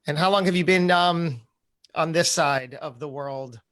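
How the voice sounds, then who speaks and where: A man's voice: a little high, a little slow, fairly bright tone. A man with a New Jersey accent hosting a live-streamed interview show, chatty and full of fillers and restarts. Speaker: podcast host.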